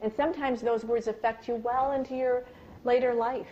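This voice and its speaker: In a live workshop talk, a parenting and communication speaker with a fairly high voice tells personal stories animatedly, asks the room questions, and acts out yelled lines loudly and high. She speaks at a normal pace on a dull, lo-fi recording with slight background noise.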